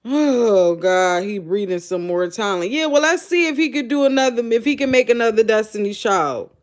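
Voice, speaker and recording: Female host, high-pitched, blunt and incredulous casual commentary to viewers. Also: moderate pace. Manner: blunt, animated, incredulous, talks to the audience. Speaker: show host. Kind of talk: casual live reaction commentary.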